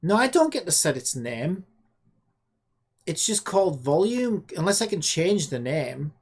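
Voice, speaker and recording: While coding a game on a livestream, a woman chats casually and scolds an AI chatbot in exasperation, swearing sarcastically. Her voice is fairly low, husky and darkish in tone, very animated yet a little slow.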